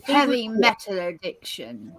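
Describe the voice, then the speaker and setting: A synthetic woman's voice that reads out the players' answers in an even, flat way. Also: mid-range voice, a little slow, crowd noise. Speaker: game answer reader.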